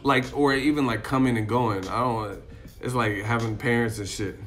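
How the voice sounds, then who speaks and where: A man's voice: lowish voice, fairly even intonation, moderate pace, fairly bright tone, faint music behind. A man chatting casually on a live stream, rambling, swearing and laughing often, talking to his chat. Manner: rambling, profane, laughs a lot, acts out voices. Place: in Miami.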